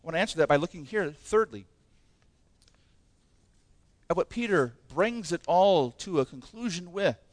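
A man's voice: high voice, fairly bright tone, dry recording. A man preaching a sermon as pastor, impassioned and emphatic, with many rhetorical questions.

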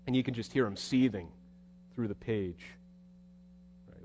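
A man's voice: fairly low pitch, measured pace, pauses often, darkish tone, husky. A male preacher giving a sermon in a conversational, wry storytelling manner. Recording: long hall reverb.

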